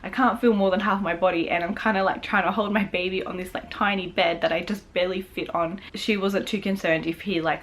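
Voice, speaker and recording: A woman's voice: medium pitch, fairly bright tone. A young woman vlogger chatting casually and emotionally, rambling with lots of fillers. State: tearful. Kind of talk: casual chat.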